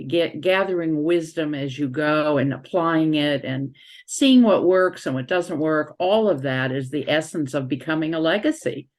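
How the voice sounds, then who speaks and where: A woman's voice: sits low, a little mellow. A woman interviewer speaking in a supportive, affirming way.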